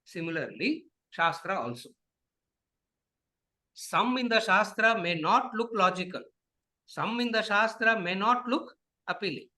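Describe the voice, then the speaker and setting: Bright-voiced man. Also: sits high, lively intonation, measured pace, pauses often, poor audio. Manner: repetitive, asks the audience rhetorical questions. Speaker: Vedanta teacher. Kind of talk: lecture with questions and answers.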